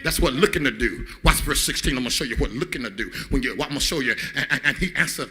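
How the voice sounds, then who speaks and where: A man pastor preaching a sermon in a sing-song cadence, calling on the congregation to answer back and building to shouts. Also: medium pitch, expressive, fast, hardly any pauses, breathy edge.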